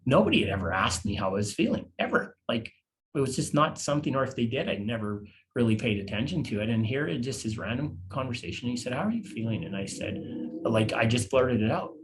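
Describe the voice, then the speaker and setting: A man in his fifties, a podcast guest, telling a personal story in a halting, confessional way and often repeating words. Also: mid-range voice. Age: 50s.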